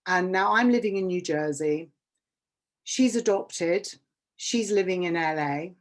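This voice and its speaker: Her pitch is fairly low and her pace measured. This Englishwoman in her fifties opens up emotionally and candidly in a workshop talk about her own life, stressing points by saying words again.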